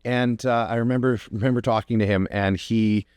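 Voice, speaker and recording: A man with a fairly low voice speaks as a podcast host, earnest and encouraging. He tells his story in an unhurried, reflective way. The sound is close and dry, with no room around it. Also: steady tone, darkish tone, clear, resonant tone, no room sound. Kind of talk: personal podcast monologue.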